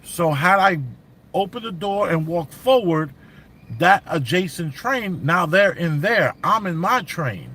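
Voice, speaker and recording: A man telling a story in casual commentary, animated and slangy, acting out what others said. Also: sits high, a little slow. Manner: animated, acts out quotes, slang.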